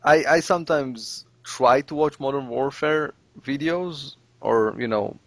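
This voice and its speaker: A man hosting a casual podcast chat about gaming, animated, with casual swearing and acted-out reactions. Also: mid-range voice, measured pace, dry recording. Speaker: podcast host.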